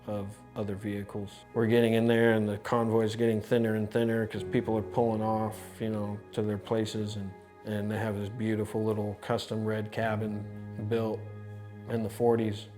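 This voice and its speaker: A low-voiced man recounts his experience for a documentary, talking in a loose, conversational way full of restarts and asides. Music plays clearly underneath him. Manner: conversational, animated, with many restarts. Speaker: insurance adjuster. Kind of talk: documentary storytelling.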